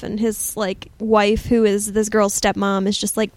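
A woman co-hosting a casual movie chat, rambling and animated as she retells the plot. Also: medium pitch, unhurried, no echo. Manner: animated, rambling storyteller with many "like" fillers. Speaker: podcast co-host.

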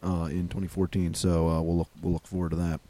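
A man hosting a casual podcast chat. He speaks in a relaxed, hesitant way, with lots of fillers, and leads the segments. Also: low-pitched, fast, dry recording. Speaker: podcast host.

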